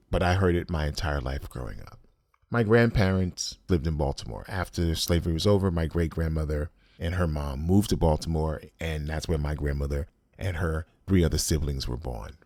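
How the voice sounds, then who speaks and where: A man with a very low, deep voice tells a personal story as a podcast host. He speaks bluntly and emphatically and swears freely. The recording is dry and close, with no room sound. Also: normal speed, a little mellow, no echo.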